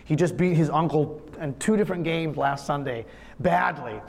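A man's voice: fairly high pitch, moderate pace, gravelly, darkish tone. A man preaching a sermon in an earnest, conversational, storytelling manner. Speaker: pastor. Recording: long reverb of a large hall.

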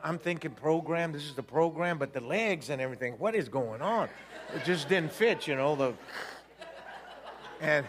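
Guy telling his story, slightly higher voice, acts out bits, laughs a lot. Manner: lively, acts out voices, laughs, repeats himself. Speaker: storyteller giving a personal testimony. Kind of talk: animated personal storytelling.

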